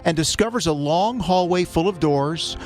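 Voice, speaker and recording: A man hosting a morning radio show, reading a storybook summary aloud in a measured storytelling way and pausing for sound effects. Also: fairly high pitch, over music. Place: radio studio.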